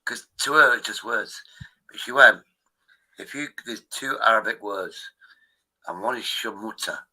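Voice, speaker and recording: Bright-voiced man chatting. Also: fairly low pitch, rough recording. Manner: swearing, banter, quick asides. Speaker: streamer. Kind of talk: casual chat.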